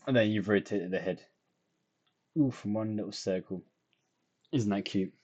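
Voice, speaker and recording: A man's voice: on the low side, moderate pace, darkish tone, slightly rough, dull audio. A tired young man, rambling and self-deprecating as he talks through his drawing in a casual video diary. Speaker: vlogger.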